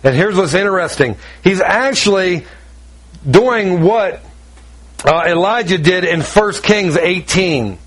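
High-voiced man preaching a sermon. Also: expressive, a bit bright. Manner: emphatic, repetitive preaching with quick asides. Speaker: pastor.

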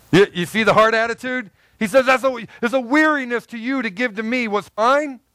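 High-voiced man preaching animatedly. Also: brisk, dry recording. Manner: animated, conversational preaching with repetitions and acted asides. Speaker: pastor. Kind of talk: sermon.

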